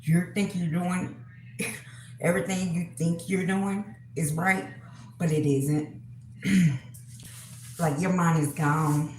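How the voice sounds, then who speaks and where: A woman talks unhurriedly to her viewers, stopping often, filling gaps with fillers and clearing her throat. Her voice sits a little low. The room around her rings with echo, and a faint hiss of ambience lies underneath. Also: fairly even intonation, slow, pauses often. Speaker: spiritual reader, channel host. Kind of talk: casual monologue to camera.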